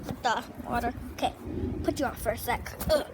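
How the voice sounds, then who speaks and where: A female vlogger chatting casually at home, rambling and cooing at her dogs in a high voice. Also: a little fast. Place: home, indoors and out in the rain. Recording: noisy home video with rain noise.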